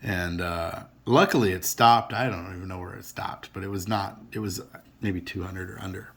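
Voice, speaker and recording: A man's voice: deep voice, fairly even intonation, normal speed, creaky, a bit bright. A middle-aged man chatting casually to camera about his collection, rambling and earnest with many restarts. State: emotional, teary. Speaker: card collector vlogger.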